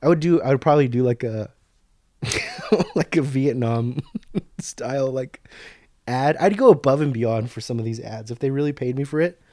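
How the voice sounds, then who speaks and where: A young man rants on his own podcast in a loose, profane ramble, his voice sitting at an ordinary middle pitch. He gets worked up easily and laughs at his own jokes. The sound is dry and close, with no room echo. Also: animated, normal speed, dark tone. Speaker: podcast host. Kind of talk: casual solo podcast rant.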